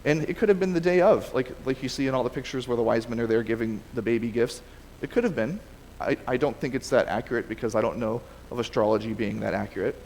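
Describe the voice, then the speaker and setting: A man's voice: medium pitch, fast talker, a little mellow, in a large hall, a little hiss or hum, poor audio. A man preaching a casual sermon and reading scripture aloud, talking conversationally with frequent restarts and self-corrections. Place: church sanctuary.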